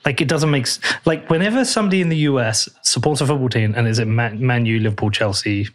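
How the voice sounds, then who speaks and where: A man hosts a relaxed podcast conversation. His talk is chatty and teasing, and he swears now and then as he jokes with his guest. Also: medium pitch, fast. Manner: chatty, joking, swears casually. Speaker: podcast host. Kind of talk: casual podcast interview.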